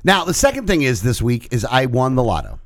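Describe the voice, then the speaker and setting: A man co-hosting a casual podcast, spinning a story fast with a voice that swings up and down a lot. He rambles, curses freely and keeps restarting his sentences. The recording is close and dry, with no room sound. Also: medium pitch, wildly swooping pitch, no echo. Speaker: podcast co-host.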